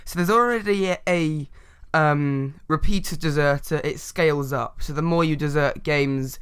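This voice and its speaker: Young male co-host; dry wit, relaxed teasing banter. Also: on the high side, a little slow, smooth. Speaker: podcast co-host. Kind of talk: casual podcast chat.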